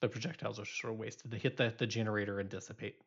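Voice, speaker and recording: A man's voice: lowish voice, little pitch movement, racing, highs cut off, very noisy. A male instructor giving a recorded programming lecture, explaining loosely with many fillers and restarts.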